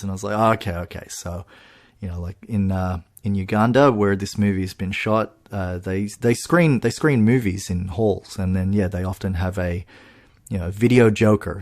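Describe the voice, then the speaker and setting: A man co-hosting a podcast, chatting in an animated way with laughs and restarts. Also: sits low. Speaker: podcast co-host. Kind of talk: casual chat. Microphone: podcast microphone.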